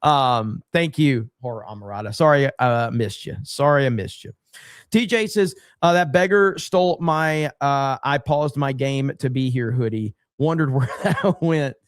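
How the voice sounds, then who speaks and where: A man's voice: mid-range voice, a little slow, smooth, no echo, clean studio sound. A man hosting a livestream, chatting casually and reading viewer comments aloud, loose and rambling with lots of ums. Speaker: livestream host.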